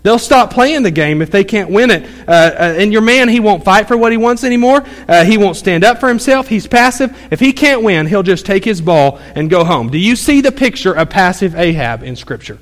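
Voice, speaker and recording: A man delivers a sermon in a homespun, storytelling way, dotting his talk with "uh" and "um." His voice sits a little high for a man and climbs as he drives a point home. The sound carries a long reverb from a large hall. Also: animated, a little fast, hardly any pauses. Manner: folksy storytelling with many fillers; grows louder and higher as he presses his point. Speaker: pastor.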